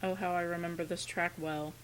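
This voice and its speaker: A woman's voice: fairly low pitch, flat delivery, fairly quick, a little hiss or hum, low-quality recording. A young woman hosting a let's play, chatting casually with many fillers as she plays. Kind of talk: casual gameplay commentary.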